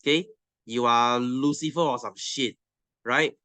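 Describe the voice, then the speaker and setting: A man's voice: medium pitch, fairly even intonation, measured pace, sharp tone, dry recording. A young adult man with a Malaysian English accent, teaching a science class in a blunt, swearing, teasing rant to his students. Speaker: science tutor.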